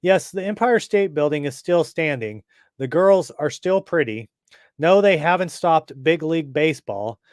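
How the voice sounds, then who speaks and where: A man's voice: fairly high pitch, expressive, normal speed, no echo, studio quality, natural voice. A man voicing a cheerful young boy radio reporter in a comic reading, eager and chatty.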